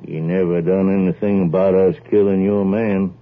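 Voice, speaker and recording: An actor voicing a shiftless, bragging young husband in an old radio play, very deep and husky, drawling sullenly. The broadcast sounds thin and tinny, like a phone line. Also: male voice, little pitch movement, moderate pace, natural voice. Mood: surly. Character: lazy boastful young husband, thuggish and idle. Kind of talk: 1940s radio acting.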